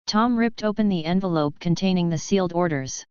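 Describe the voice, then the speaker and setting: A woman narrating an audiobook in a steady, measured reading. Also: on the low side, clean tone, no echo, muffled recording. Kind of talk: scripted narration.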